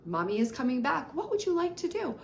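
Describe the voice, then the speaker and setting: A woman's voice: very high-pitched, lively intonation, brisk, a little hiss or hum, pitched above the performer's own voice. A woman playing a cheerful caregiver coaxing a small child, sing-song and exclamatory. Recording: roomy echo.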